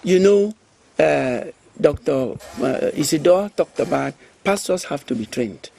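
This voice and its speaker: Gravelly talk show host. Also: male voice, a little high, unhurried. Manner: pressing, questioning, asks for calm turn-taking. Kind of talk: moderating a panel debate.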